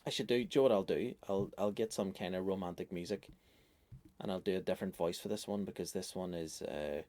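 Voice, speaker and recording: A man's voice: low-pitched, quick pace, a little mellow. A man, rambling on his own solo comedy podcast, sweary and self-mocking. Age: 30s.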